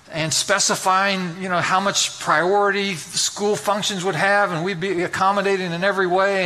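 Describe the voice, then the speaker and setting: A man's voice: sits high, sharp tone. A middle-aged man preaching a sermon as pastor, telling a story with self-deprecating humor and building to emphatic appeals.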